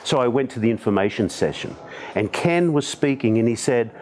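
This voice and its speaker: A man in his sixties with an Australian accent, a podcast guest telling stories in conversation with animated, self-deprecating humor. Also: mid-range voice, fairly quick. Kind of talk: conversational storytelling.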